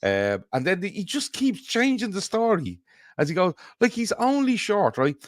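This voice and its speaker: A man co-hosting a football fan show in casual chat, laughing easily and putting on mock phone calls in a lower voice. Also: wildly swooping pitch, moderate pace, dry recording, studio quality. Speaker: football podcast co-host.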